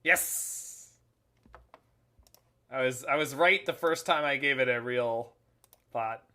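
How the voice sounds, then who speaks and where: A man's voice: mid-range voice, normal speed, pushed and bright. A man casually commenting while he streams a card game, rambling with lots of filler and jokey asides. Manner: jokey asides, laughs at his own remarks.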